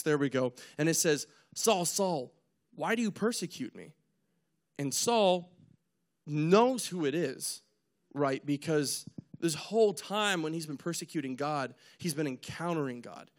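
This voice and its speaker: A young man preaching in a casual, lively way, retelling a story and acting out its people with jokes at his own expense. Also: on the high side. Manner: animated storyteller, acts out characters, jokes at himself.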